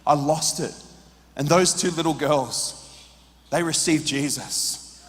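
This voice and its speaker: High-voiced impassioned male preacher. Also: takes it slowly, in a large hall. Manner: impassioned, emotional storytelling with swings from hushed to shouting. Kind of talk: sermon.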